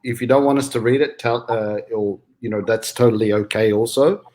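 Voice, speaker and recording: A man's voice: mid-range voice, steady tone, a little fast, darkish tone. Upbeat male host on a call. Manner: upbeat, addresses viewers directly. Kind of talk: live online discussion.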